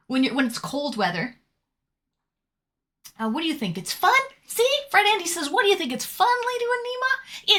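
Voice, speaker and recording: A woman streamer with a bright, sharp-edged voice pitched a little high chats casually with her viewers. She reads their messages aloud, teasing them and tossing in the odd swear word. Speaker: live streamer.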